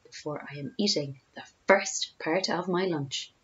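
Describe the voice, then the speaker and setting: A woman voicing a sly, greedy male crocodile in a storybook reading, scheming in hushed whispers and yelping shrilly when hurt. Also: lowish voice, measured pace, slightly rough, lo-fi sound, full character voice.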